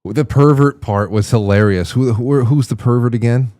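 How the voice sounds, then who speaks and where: A man's voice: mid-range voice, normal speed, mellow. A man hosting a show, reacting to clips with amused, wry commentary. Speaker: show host. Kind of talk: casual commentary on video clips.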